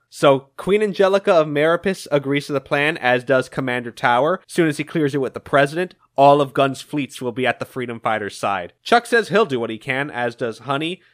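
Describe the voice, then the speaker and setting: A man's voice: medium pitch, sing-song, fairly quick, few pauses, fairly bright tone, no room sound, clean studio sound. A man co-hosting a podcast, casually retelling a comic storyline with chatty asides. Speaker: podcast co-host. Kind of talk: casual comic-book recap.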